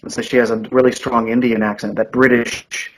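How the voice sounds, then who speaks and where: A man's voice: medium pitch, little pitch movement, brisk, fairly bright tone, slight background noise, poor audio. A man in his forties, an audiobook narrator and coach, giving thoughtful, earnest answers in a podcast interview. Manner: earnest and thoughtful, with frequent restarts.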